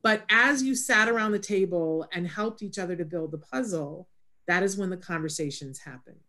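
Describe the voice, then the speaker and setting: A woman with a slightly low voice hosts a relaxed interview chat. She talks in an unhurried, reflective storytelling way, circling back and restarting her phrases now and then. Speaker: host.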